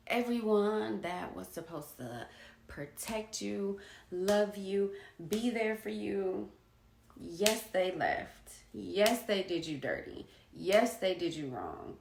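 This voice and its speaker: Emotional woman venting slow, swears a lot, voice goes up n down, echoey room. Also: medium pitch, lively intonation, creaky, noisy background. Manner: emotional, blunt, swears freely. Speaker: vlogger. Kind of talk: candid personal monologue.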